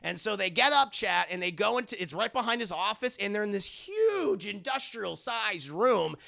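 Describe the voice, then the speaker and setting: A man giving an excitable, crude, casual scene-by-scene recap of a cartoon to his live chat. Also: high-pitched, moderate pace, vocal fry. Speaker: streamer reviewing a cartoon.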